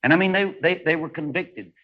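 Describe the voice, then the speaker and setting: Male preacher, fervent sermon, slightly high voice, dull lo-fi recording. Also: a little fast. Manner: fervent preaching with wide swings from loud highs to hushed lows.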